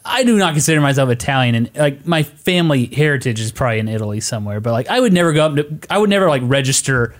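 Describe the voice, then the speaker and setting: A man's voice: medium pitch, animated, racing, few pauses. A man co-hosting a podcast in casual, joking chat. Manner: joking, rambling. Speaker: podcast co-host.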